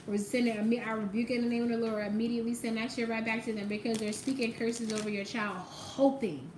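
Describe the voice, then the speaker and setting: A woman's voice: on the high side, fairly even intonation, fairly quick, echoey room, background noise. A woman doing a casual tarot reading, talking straight to the viewer with emphasis and casual swearing. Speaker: tarot reader.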